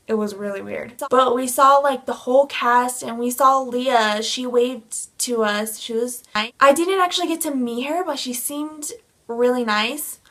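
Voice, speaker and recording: Gushing young woman vlogger, slightly high. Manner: gushing, excitable fangirl storytelling. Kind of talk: casual storytime vlog.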